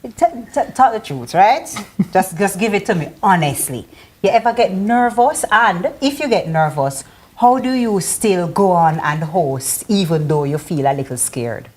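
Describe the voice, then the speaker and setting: A woman's voice: lowish voice, animated, unhurried, a little mellow. A woman with a Jamaican accent hosting a morning TV show, chatting in a playful, teasing way. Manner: playful, teasing, laughs easily. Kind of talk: casual TV chat.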